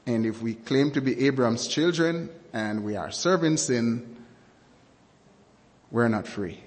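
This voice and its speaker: A man preaching a sermon, speaking slowly and deliberately and repeating key words and definitions for emphasis. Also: mid-range voice, lively intonation, darkish tone, in a large hall.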